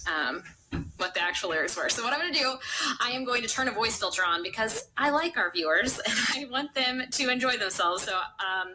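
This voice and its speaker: A woman's voice: medium pitch, background noise. A woman co-hosting a casual podcast, telling a story in a giggly, self-conscious way with many likes and ums. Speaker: podcast co-host. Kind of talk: casual chat.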